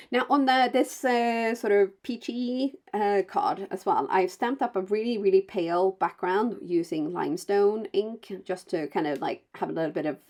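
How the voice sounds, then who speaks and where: Woman crafter, not a native English speaker, low-ish voice, chatty voice-over full of fillers and asides. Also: darkish tone. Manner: chatty and rambling, with many fillers and self-corrections; bubbly, with playful asides. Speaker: card-making vlogger. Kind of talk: casual voice-over narration of a crafting video.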